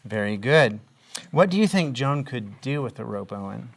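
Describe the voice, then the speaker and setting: Deep low gravelly lady teacher, patient, keeps asking the kids questions. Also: expressive, normal speed, a crowd in the background. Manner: patient, encouraging, asks many questions. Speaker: reading teacher. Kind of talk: guiding young children through a reading lesson.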